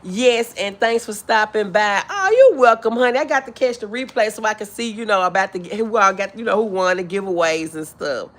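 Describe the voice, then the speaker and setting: A woman hosts a live stream, reading viewers' comments aloud and chatting casually, greeting them with affectionate, drawn-out hellos and calling them honey and boo. Her medium-pitched voice is expressive and fairly bright, and she clears her throat now and then.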